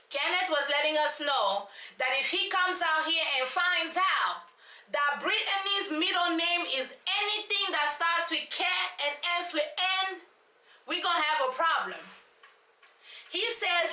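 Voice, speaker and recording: Sassy woman, bright voice in an echoey room. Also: high voice, expressive, unhurried, far from the mic. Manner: sassy, dramatic, repeats lines for emphasis. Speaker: reality show recap vlogger. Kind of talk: casual reality TV recap commentary.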